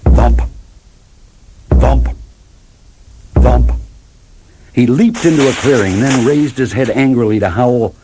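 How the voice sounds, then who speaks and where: A man's voice: mid-range voice, big pitch swings, takes it slowly, pauses often, background noise. A man reading a children's chapter book aloud, expressively, with dramatic sound words. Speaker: storybook reader. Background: background music.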